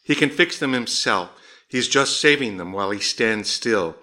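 A man voicing a brisk, reassuring middle-aged mother, his voice pitched well above his own. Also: lively intonation, bright, forceful tone.

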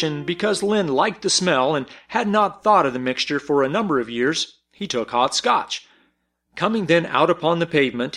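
A man reading a story aloud as narrator, telling it in an expressive, measured way. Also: a little high.

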